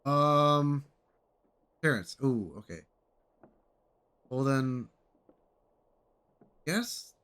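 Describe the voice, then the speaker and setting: A man streaming a video game, chatting casually and reacting out loud to the story. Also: mid-range voice, expressive, drawn-out words, long pauses, smooth. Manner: chatty, reactive, lots of "like" fillers. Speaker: gaming streamer. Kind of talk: casual playthrough reaction commentary.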